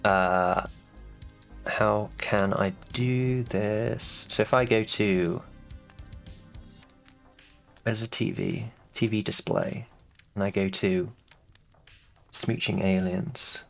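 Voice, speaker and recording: A man hosting a casual streamed interview, hesitant and filling pauses with frequent ums. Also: fairly low pitch, fairly even intonation, creaky, soft background music. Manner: hesitant, full of ums and trailing phrases.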